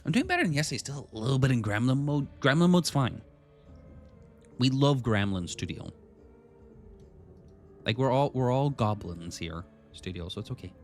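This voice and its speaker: A male streamer talks casually to his chat while playing, greeting viewers by name and musing over quests. His pitch moves a lot, and faint music plays under his voice. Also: big pitch swings, moderate pace, pauses often. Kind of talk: casual game streaming, reading game text aloud.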